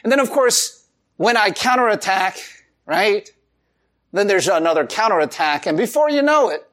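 A man preaching a sermon in an animated way, laughing as he acts out quotes. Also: high voice, normal speed. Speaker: pastor.

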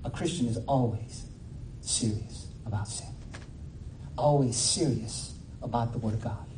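A man's voice: medium pitch, a little slow, noisy background. A male pastor preaching a sermon in a casual, filler-heavy way that swells into fervent cries. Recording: roomy echo, distant mic.

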